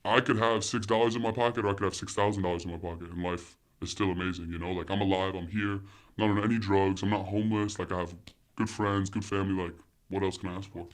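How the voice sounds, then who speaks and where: A man's voice: sits low, fairly even intonation, fast talker. A young man, talking loosely as a podcast guest, full of fillers and swearing. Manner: loose, profane, heavy on fillers. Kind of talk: casual chat.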